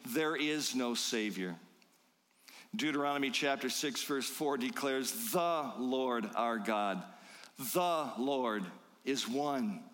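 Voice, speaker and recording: A man preaching a sermon, emphatic and rhythmic, slowing down to quote scripture. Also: medium pitch, fairly bright tone, long reverb tail. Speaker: pastor.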